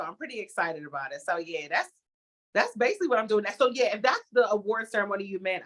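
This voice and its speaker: Bright, animated woman telling a story. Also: medium pitch. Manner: animated storytelling, acts out her own reactions. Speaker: TV host, interview guest. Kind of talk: casual interview chat.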